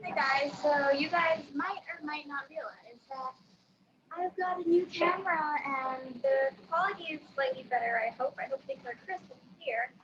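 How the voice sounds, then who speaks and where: A woman's voice: high voice, normal speed, lo-fi sound, noisy background. A young woman, a student, chatting casually and a little self-consciously in a vlog for a class.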